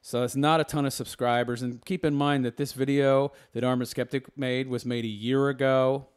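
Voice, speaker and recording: A man's voice: mid-range voice, little pitch movement, moderate pace, smooth. Man giving a lecturing rebuttal. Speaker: commentator. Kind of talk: argumentative reaction commentary.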